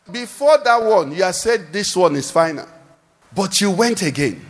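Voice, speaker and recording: A man preaching a sermon, animated, posing questions for the congregation to answer, recorded in a large church hall. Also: sits high, moderate pace. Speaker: pastor. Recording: echoey hall with long reverb.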